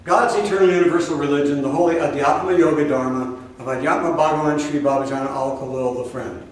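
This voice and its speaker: A fairly high-voiced man preaches as a spiritual teacher, pressing his points home with emphatic repetition and direct questions to the room. His voice rings with heavy echo and sits well back from the microphone, as if recorded from afar in a large hall. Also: quick pace. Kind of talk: sermon to a live audience. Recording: very echoey room from a distance.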